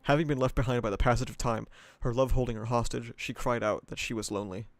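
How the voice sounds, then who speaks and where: A man's voice: medium pitch, steady tone, quick pace, no echo. Profane man reading aloud on stream. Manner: casual and profane, breaking into laughs and asides. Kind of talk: reading a novel aloud with live reactions.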